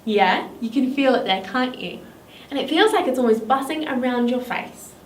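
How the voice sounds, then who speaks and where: Animated Australian drama teacher woman. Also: sits high, normal speed. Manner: bright, encouraging, sing-song teacher voice. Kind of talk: children's drama lesson. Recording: echoey room, mic at a distance, faint noise.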